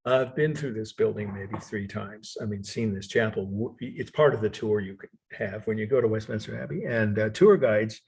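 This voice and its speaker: A man's voice: fairly low pitch, moderate pace, gravelly, few pauses, a little mellow, breathy edge. An older man teaching an art history class, in a rambling, digressive way with frequent chuckles. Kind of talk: recorded college lecture.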